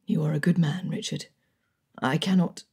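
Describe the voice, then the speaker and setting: A woman voicing a proud, brooding young Regency gentleman in an audiobook, speaking low, slow and strained. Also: gravelly, breathy edge, exaggerated voice. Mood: anguished. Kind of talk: audiobook character reading.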